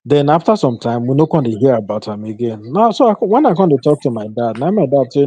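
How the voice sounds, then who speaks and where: A man with a Nigerian accent, telling a story in casual chat, in a relaxed way with soft laughs. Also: medium pitch, quick pace, hardly any pauses, breathy edge, no room sound, poor audio.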